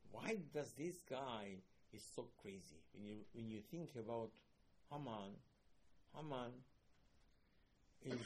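A man teaching a Torah class, animated and rhetorical, asking questions and reciting passages quickly. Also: mid-range voice, slight background noise.

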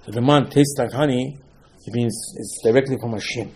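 A man teaching a Torah lecture in halting English, repeating phrases for emphasis. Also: medium pitch, darkish tone.

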